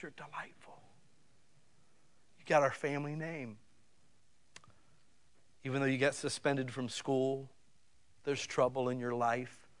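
A man's voice: mid-range voice, a bit bright. A man preaching a sermon in a folksy, conversational way, talking directly to his listeners with emphatic swells. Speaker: pastor.

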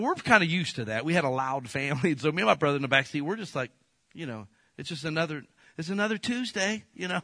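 Middle-aged pastor, storytelling sermon, bright voice, dry close sound. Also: male voice, on the high side, no room sound. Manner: animated storyteller acting out quotes, rising to loud bursts.

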